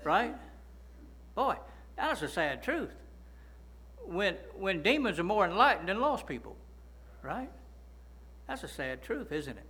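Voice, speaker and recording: High, bright-voiced preacher. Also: male voice, big pitch swings, takes it slowly, long pauses, husky, poor audio. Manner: preaching with frequent "right?" and "amen?" prompts to the congregation. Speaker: pastor. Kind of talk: sermon.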